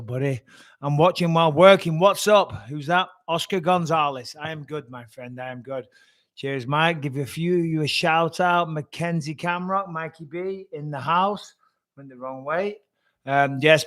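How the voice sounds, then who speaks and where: A man's voice: a little high, fairly bright tone. Chatty English man on a home livestream. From England. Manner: chatty, swears freely, reads out viewer comments. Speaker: host. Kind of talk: casual livestream Q&A. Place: room at home, a bit echoey. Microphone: webcam livestream.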